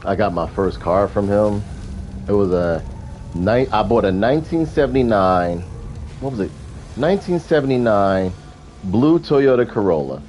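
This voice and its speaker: A man hosting a gaming video, telling stories in a casual, animated, profane way. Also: fairly low pitch, moderate pace, slight background noise. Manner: animated, profane, chuckling storyteller. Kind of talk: casual storytelling during gameplay.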